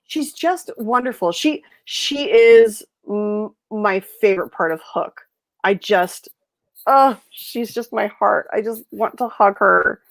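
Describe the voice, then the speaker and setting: A woman hosting a casual livestream chat, telling stories in a lively way and acting out the people she quotes. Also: mid-range voice, slow pace, creaky, dry recording. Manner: chatty storyteller, animated quoted voices. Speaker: host.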